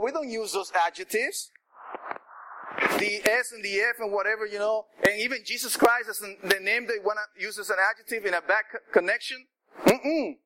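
A man with a high-pitched voice preaches a sermon in an animated, conversational style, throwing in asides to the congregation. The audio quality is poor.

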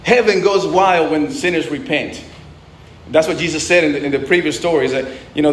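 A man with a high voice preaches in a loose, conversational way. He restarts phrases and breaks into asides. The room around him echoes. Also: slight background noise. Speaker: pastor. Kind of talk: sermon.

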